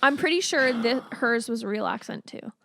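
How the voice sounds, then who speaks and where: A woman's voice: a little high, animated, normal speed, creaky, fairly bright tone, a little hiss or hum. A Canadian woman co-hosting a casual movie review chat, telling loose, chatty stories with plenty of swearing. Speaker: podcast co-host.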